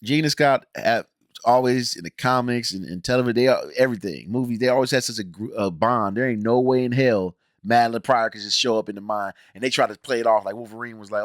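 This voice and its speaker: A man rants through a show review, exasperated and blunt, with slangy talk and lots of restarts. His voice sits at an ordinary middle pitch. The sound is close and dry, with no room around it. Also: fast talker, no echo. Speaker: video reviewer.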